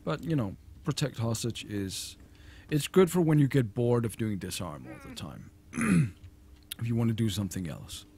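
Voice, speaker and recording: A man giving casual, rambling commentary over his own gameplay, relaxed and full of fillers. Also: mid-range voice, normal speed, creaky, slight background noise. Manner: laid-back, rambling, with fillers. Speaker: gamer commentator.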